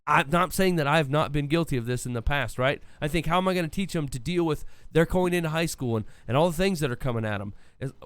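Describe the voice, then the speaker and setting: A man talks quickly and earnestly in casual podcast chat, giving preachy advice on youth ministry. His voice sits a bit high, and the sound is close and dry. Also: lively intonation, clear, resonant tone, dry recording. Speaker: podcast co-host.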